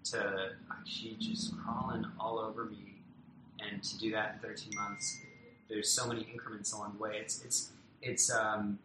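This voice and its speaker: A man talking warmly and at length about his young daughter, tender and rambling with many restarts and fillers. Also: on the low side, level tone, normal speed, roomy sound, very noisy. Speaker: parent being interviewed. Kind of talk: casual heartfelt conversation. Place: home in a loud neighborhood.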